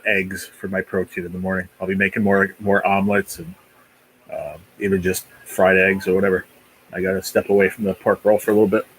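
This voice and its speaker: A man's voice: fairly low pitch, a bit bright, breathy edge, rough recording. A man hosting a casual live stream, rambling easily and chatting while he eats. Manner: rambling, easygoing, talks while eating. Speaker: livestream host.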